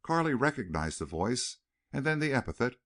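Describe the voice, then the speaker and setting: Expressive male audiobook narrator. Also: medium pitch, moderate pace. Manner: expressive, dramatic reading. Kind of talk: scripted narration.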